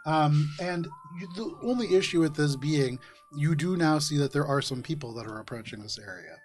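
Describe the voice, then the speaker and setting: A man's voice: a little high, animated, normal speed, darkish tone, faint music behind. A man running a tabletop game, narrating casually with many fillers. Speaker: game master.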